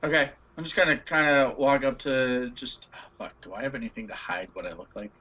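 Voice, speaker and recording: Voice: medium pitch, fairly quick, sharp tone, muffled recording. A tabletop game player talking in a rambling way, restarting sentences, swearing and laughing often.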